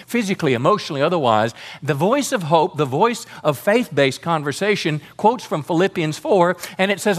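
Fervent higher-voiced male pastor preaching. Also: lively intonation, moderate pace, hardly any pauses. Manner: fervent preaching with congregation call-outs. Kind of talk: sermon.

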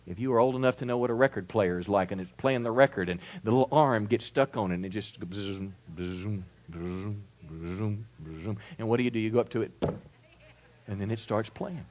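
A male pastor preaching a sermon emphatically, moving between loud declarations and quieter asides. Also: lowish voice, fast talker.

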